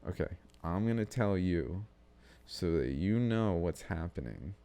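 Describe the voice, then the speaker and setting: Slow, gravelly-voiced man musing aloud. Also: low-pitched, lively intonation, dark tone. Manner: meandering, self-interrupting, swears casually. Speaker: podcast host. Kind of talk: rambling solo podcast musing. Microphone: studio-style podcast mic.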